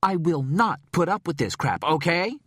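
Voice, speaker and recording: A man's voice: mid-range voice, big pitch swings, brisk, a little mellow, husky, no room sound, studio quality, pitched above the performer's own voice. A man voicing a blunt, exasperated male caretaker who scolds his employer in an audiobook. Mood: scolding. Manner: curt, scolding.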